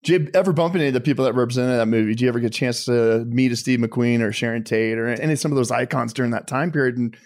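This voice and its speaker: A man's voice: medium pitch, racing, few pauses, a little mellow. A man hosting a casual podcast interview, upbeat and encouraging toward his guest. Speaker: podcast host.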